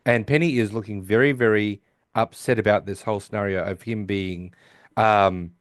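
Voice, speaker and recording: A man with a fairly low voice chats on a podcast, rambling and hesitant as he recaps a story. The sound is dry and close, with no echo. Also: fairly even intonation, normal speed. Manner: rambling, hesitant, with many fillers and restarts. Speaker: podcast co-host. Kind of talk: casual chat recapping a sitcom episode.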